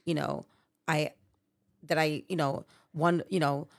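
A low-pitched woman in her sixties who talks in loose, rambling runs, packing in "you know" and restarting her sentences. The sound is dry and close, with no room around her. She is a mother chatting casually about her family on a remote podcast setup. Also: fairly even intonation, measured pace, vocal fry, no echo. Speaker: guest, mother of the hosts.

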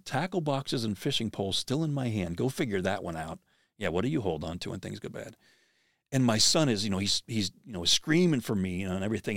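A middle-aged man hosts a podcast and tells a personal story earnestly and vividly, often restarting his sentences. His voice is mid-range, recorded dry at studio quality.

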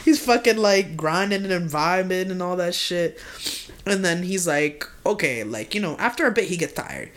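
A woman with a somewhat low voice co-hosts a podcast, spinning a story in loose, slangy talk. She swears constantly and keeps the telling lively and animated. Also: normal speed. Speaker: podcast co-host. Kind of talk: casual storytelling chat.

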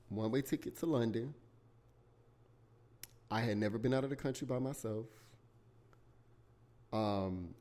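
A young man hosting a podcast, telling his own story casually and candidly, with lots of swearing and animated outbursts. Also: medium pitch. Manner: candid, profane, animated retelling with bursts of shouting. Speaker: podcast host.

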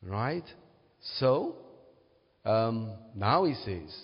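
A man's voice: mid-range voice, lively intonation, slow pace, long pauses, slightly rough. A man preaching a teaching sermon, often checking in with his listeners. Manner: teaching, asks "right?" to check understanding. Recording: muffled, reverberant hall.

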